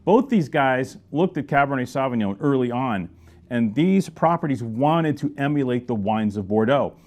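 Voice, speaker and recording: A middle-aged man talks through a wine in a loose, chatty way. He jokes, exclaims loudly at times, and swings his pitch and volume for emphasis. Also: lively intonation, normal speed. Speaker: wine shop presenter. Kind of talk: casual wine review to camera.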